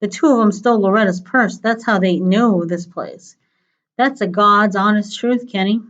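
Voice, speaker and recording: A woman's voice: medium pitch, fairly bright tone, natural voice. A jittery, shifty bearded crook, read by a woman hurries through his words from a storybook. The recording is dull and lo-fi. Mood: nervous. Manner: nervous, fast-talking.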